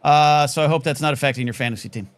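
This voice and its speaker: A man hosting a live call-in talk show, rambling in a casual, animated way with frequent stammering restarts. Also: a little high, quick pace, clean tone.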